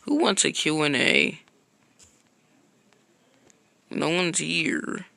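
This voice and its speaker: A man's voice: fairly high pitch, expressive, unhurried, creaky, sharp tone, low-quality recording. A man streaming a block-building game, chatting casually in a rambling, slangy way that often trails off into a mutter. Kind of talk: casual live-stream chat. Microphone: own streaming mic.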